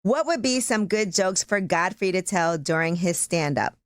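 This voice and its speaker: A woman's voice: fairly low pitch, animated, moderate pace, no room sound. A woman co-hosting a show, playfully curious, reading out answers from her phone. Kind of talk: casual chat on a show.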